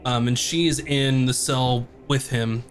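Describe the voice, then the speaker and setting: A man narrating as game master, halting with frequent ums. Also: mid-range voice, steady tone, a little hiss or hum. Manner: hesitant, lots of ums.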